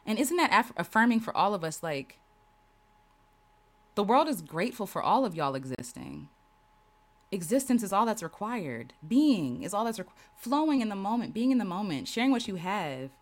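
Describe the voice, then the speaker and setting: A woman's voice: medium pitch, big pitch swings, moderate pace. A woman hosting a casual livestream, reading viewers' comments aloud and answering them with affirmations and laughter. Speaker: host reading live chat.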